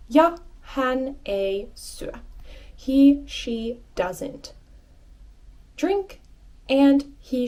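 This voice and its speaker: Slow, patient woman teaching a language. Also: on the high side, warm tone. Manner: patient, repeats phrases slowly and clearly; encouraging. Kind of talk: online language lesson.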